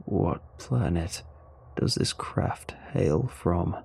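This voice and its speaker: Guy doing a lonely alien, super low and gravelly, slooow drawn-out words, storybook style. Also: lively intonation, a little mellow, exaggerated voice. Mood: rueful. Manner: slow, drawn-out delivery. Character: stranded male alien, deep-voiced, wistful. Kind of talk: storybook narration.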